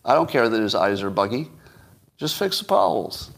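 A man's voice: on the low side, sing-song, a little fast, creaky, a bit bright. A man hosting a solo podcast, giving casual, opinionated political commentary with frequent restarts. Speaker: podcast host.

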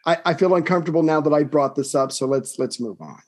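Man, podcast co-host, playful banter, slightly higher voice, rambling jokes. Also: quick pace. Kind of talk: casual history podcast banter.

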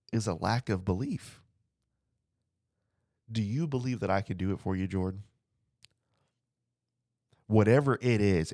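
A man's voice: lowish voice, dark tone, no room sound, clean studio sound. A man teaching the Bible as a preacher, earnest and repeating phrases for emphasis, speaking to listeners at home.

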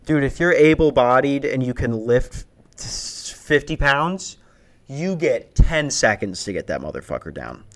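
A man's voice: mid-range voice, sing-song, measured pace. A man in his twenties telling a rambling, profane stand-up story that builds into a worked-up rant. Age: 20s. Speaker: stand-up comedian.

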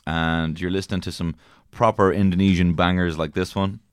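Deep-voiced joking podcast host. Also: male voice, fairly even intonation, brisk, slight background noise. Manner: rambling, joking, self-deprecating. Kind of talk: casual banter.

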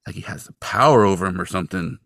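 A man's voice: low voice, racing, creaky, no room sound, clean studio sound. A man co-hosting a podcast, recapping a TV episode's plot with wry jokes and mock disbelief at the characters. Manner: animated and wry, jokes and mocks the characters while narrating.

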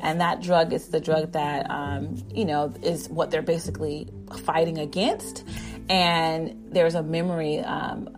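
A woman's voice: low-pitched, flat delivery, measured pace, music in the background. Chatty woman recapping with fillers. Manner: enthusiastic, rambling with many fillers. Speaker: drama reviewer. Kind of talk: casual episode recap.

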